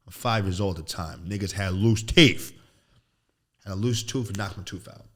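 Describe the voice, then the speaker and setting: A young actor and podcast guest telling a personal story in casual chat, slangy and profane. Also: male voice, low-pitched, moderate pace.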